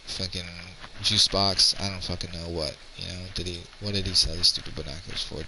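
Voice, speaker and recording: A man's voice: low-pitched, steady tone, brisk, background noise. A man in his thirties telling a rambling, profane story in casual chat. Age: 30s.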